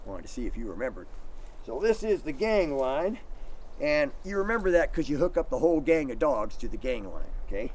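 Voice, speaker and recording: A middle-aged man giving an outdoor dog sledding demonstration for kids, telling stories and acting out the shouted commands. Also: mid-range voice, brisk. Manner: animated storyteller, acts out shouted commands.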